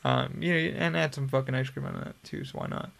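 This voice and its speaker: A man's voice: mid-range voice, steady tone, fairly quick, vocal fry, fairly bright tone. A young man hosting a podcast, telling a long story in a casual, profane, rambling way. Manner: profane, rambling, laid-back. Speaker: podcast host.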